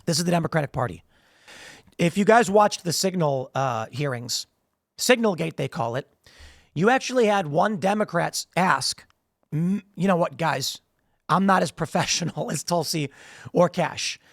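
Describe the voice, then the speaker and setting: Hoarse man with a gravelly, high voice. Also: lively intonation, normal speed, no room sound, studio quality. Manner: emphatic, repeats words when starting sentences. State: losing his voice, strained throat. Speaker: show host. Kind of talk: political commentary monologue.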